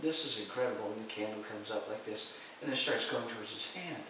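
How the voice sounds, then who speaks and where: Male mystic teacher, animated storyteller, recorded from a distance in a reverberant room. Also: a little fast. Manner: animated storyteller, acting out voices in a high shout. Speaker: guest teacher of Taoist mysticism. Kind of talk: storytelling interview. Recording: echoey room, distant mic, faint hiss.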